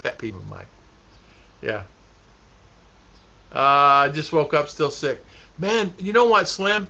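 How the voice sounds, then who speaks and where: Male vlog host chatting to a live chat, bright tense tone, rambles and repeats, muffled stream sound. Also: fairly high pitch, big pitch swings, slow, pauses often. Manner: rambling, repeats himself, laughs a lot. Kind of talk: casual livestream chat. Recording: dull lo-fi stream audio.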